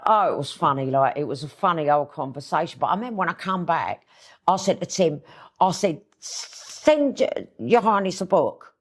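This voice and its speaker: A woman's voice: sits low, fairly quick. A middle-aged woman with an East London accent, telling stories bluntly and chattily in a casual interview, swearing freely. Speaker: guest author.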